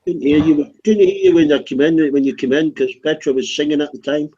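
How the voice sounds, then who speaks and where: Welsh-born guy, kinda high voice, swearing and teasing in a voice chat, muffled lo-fi sound. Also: steady tone, fairly quick, mellow, slightly rough. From Wales. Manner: teasing, crude and profane. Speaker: voice chat participant. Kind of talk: casual voice chat banter. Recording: dull lo-fi online voice chat audio.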